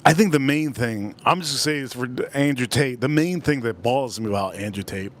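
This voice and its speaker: A man's voice: medium pitch, brisk, slight background noise. A man hosting a livestream, ranting bluntly in casual chat, swearing freely and rambling between thoughts. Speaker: livestream host.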